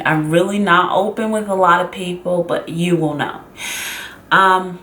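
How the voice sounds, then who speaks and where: A woman's voice: medium pitch, fairly bright tone, roomy sound, a little hiss or hum. A woman from Los Angeles telling a personal story in a vlog, emotional and confiding, speaking straight to her viewers. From Los Angeles, USA. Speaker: vlogger.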